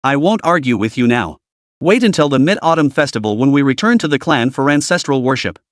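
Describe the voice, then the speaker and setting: A man's voice: mid-range voice, lively intonation, brisk, dry recording, studio quality, natural voice. A man voicing a hot-tempered young male street fighter who sounds flustered and defensive, in a story recap.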